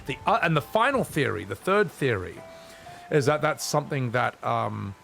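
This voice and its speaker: A man's voice: mid-range voice, big pitch swings, normal speed, creaky, fairly bright tone, soft background music. A man streaming a video game, talking casually in a rambling, profane way. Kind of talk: gaming stream commentary.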